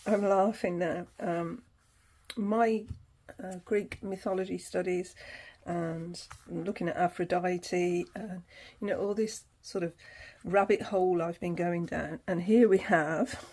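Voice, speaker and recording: A woman's voice: lowish voice, fairly even intonation, slow pace, a little mellow. A woman hosting her tarot channel, chatting casually through an unboxing, laughing easily and reading passages aloud.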